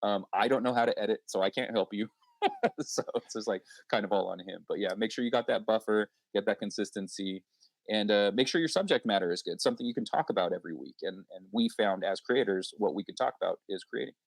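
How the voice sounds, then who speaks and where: A man's voice: lowish voice, quick pace, gravelly, no room sound. A man, a podcast host, chatting on a panel and acting out past exchanges in a rambling way. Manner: rambling, acts out quoted exchanges. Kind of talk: casual panel discussion.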